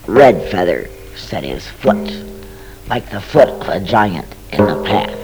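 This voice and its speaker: Woman storyteller, low and mellow, slow, animated and dramatic. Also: faint music behind, low-quality recording. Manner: animated, dramatic, with whispered asides. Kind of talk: expressive told folk tale.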